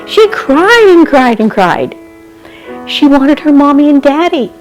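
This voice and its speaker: A woman telling a children's story slowly and expressively, often dropping into a hushed whisper and turning to the listener with asides. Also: sits high, big pitch swings, faint music behind, rough recording. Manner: slow, gentle delivery with asides to the listener.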